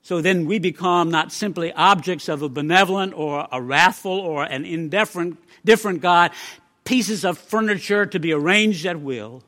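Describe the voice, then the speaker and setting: A man preaching a sermon, emphatic, with measured pauses between phrases. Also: high voice, bright, forceful tone.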